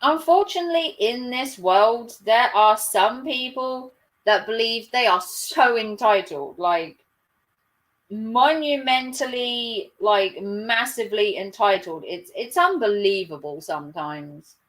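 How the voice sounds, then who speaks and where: A woman's voice: fairly high pitch, lively intonation, takes it slowly, a bit bright, low-quality recording. A woman hosting a livestream, chatting casually and rambling with many fillers. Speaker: livestream host. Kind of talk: casual reaction chat.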